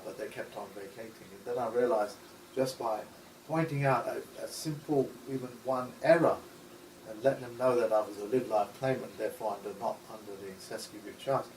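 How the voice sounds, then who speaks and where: A man speaks as an interview guest in a loose conversational way. His voice sits low and keeps stumbling and restarting. The mic is some way off in a roomy, echoing space. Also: vocal fry, darkish tone, slight background noise. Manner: halting, with many restarts and laughs. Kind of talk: casual conversation. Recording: echoey room, voice from far off.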